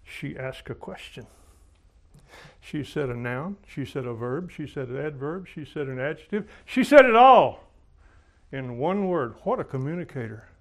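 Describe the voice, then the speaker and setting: A man's voice: mid-range voice, expressive, moderate pace. A man preaching a sermon, telling folksy stories and swinging his volume for drama. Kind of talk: sermon with anecdotes.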